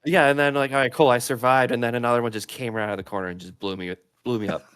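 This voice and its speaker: A man's voice: mid-range voice, very fast, fairly bright tone, clean tone. A man co-hosting a gaming podcast, easygoing and laughing at himself in casual chat. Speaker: podcast co-host.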